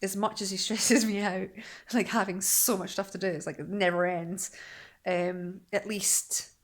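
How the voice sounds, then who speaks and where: A young woman talks to camera in a relaxed daily vlog. Her voice sits at an ordinary middle pitch, and she rambles along with restarts, asides and quick laughs. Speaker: vlogger. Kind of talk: casual daily vlog chat.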